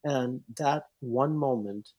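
Breathy male psychologist telling stories. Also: mid-range voice, takes it slowly. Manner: rambling, animated storyteller who acts out quotes. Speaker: psychologist and author, podcast guest. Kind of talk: storytelling in a casual interview.

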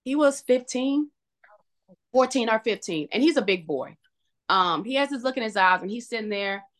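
A woman's voice: a little high, expressive. Woman telling a painful personal story. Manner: emotional, halting retelling with restarts. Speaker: podcast guest. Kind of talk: personal story in a podcast interview.

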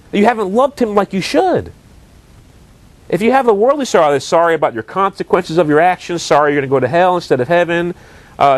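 Animated man preaching a sermon. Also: on the high side, no echo. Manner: earnest, preaching with rising emphasis and rhetorical questions.

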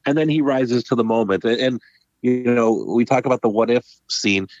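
Male podcast co-host, animated and casual, dry muffled recording. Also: mid-range voice, moderate pace, no room sound. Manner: animated, acts out characters' lines. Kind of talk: casual film discussion. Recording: dull lo-fi sound.

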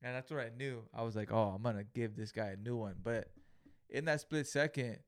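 A man's voice: mid-range voice, brisk, dry recording, clean studio sound. A young man, co-hosting a podcast and telling a story in a casual, profane way, acting out the people in it. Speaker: podcast co-host.

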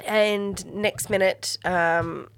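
A woman's voice: medium pitch, fairly even intonation, very slow, a little hiss or hum. Laughing woman podcaster. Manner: laughs often, quotes favourite lines. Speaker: podcast co-host. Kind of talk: casual chat recapping a TV episode.

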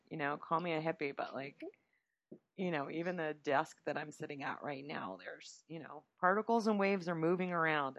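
A woman's voice: sits low, dry recording, lo-fi sound. A woman hosting a podcast in a playful, chatty way, often laughing as she talks. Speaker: podcast host. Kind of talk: casual chat.

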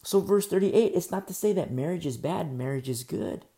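A man's voice: fairly high pitch, lively intonation, moderate pace, vocal fry, warm tone. A man, the church's pastor, preaching a sermon, going through scripture verse by verse, repeating key phrases for emphasis and asking his listeners rhetorical questions.

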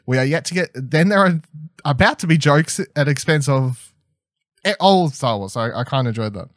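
A man's voice: medium pitch, animated, a little fast, no echo. A young man co-hosting a podcast, talking casually with an eager, rambling energy that's full of fillers and false starts. His voice sits right in the middle range. The sound is dry and close, with no room around it. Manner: enthusiastic, rambling, lots of fillers and restarts. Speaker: podcast co-host reviewing a TV episode. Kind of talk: casual chat.

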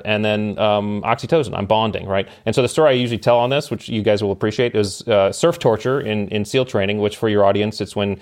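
Man, middle-aged, podcast guest, animated storyteller, lowish voice. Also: quick pace, hardly any pauses. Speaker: podcast guest, former special operations member. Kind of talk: storytelling in casual conversation.

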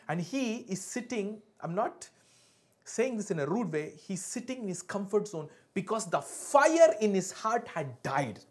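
A woman's voice: mid-range voice, big pitch swings, measured pace. A woman preaching a sermon with call and response, fervent and building, breaking into speaking in tongues.

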